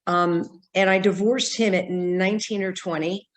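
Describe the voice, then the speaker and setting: An older woman from San Diego, a psychic medium telling her life story in an interview, animated and acting out the voices she quotes. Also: fairly low pitch, a little slow. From San Diego, California.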